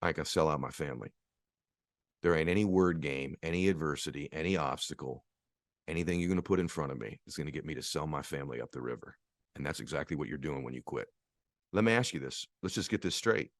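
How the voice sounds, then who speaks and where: A man giving a motivational speech, earnest and repetitive, asking rhetorical questions and leaning slowly on key phrases. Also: rumbling low, no room sound, clean studio sound. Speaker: motivational speaker.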